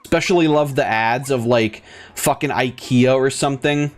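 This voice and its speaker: A young man hosting a gaming video rants over gameplay in a rambling, profane style packed with fillers and restarts. His voice is mid-range at a moderate pace, with faint music playing behind him.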